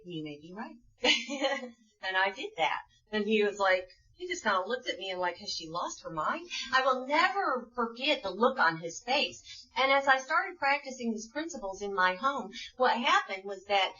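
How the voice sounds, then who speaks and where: A middle-aged woman from Dallas, Texas tells her recovery story in an earnest, conversational way. Her voice is bright and forceful. She is heard from some distance on a dull, lo-fi meeting recording. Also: mid-range voice. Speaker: Al-Anon speaker. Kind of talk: personal recovery talk.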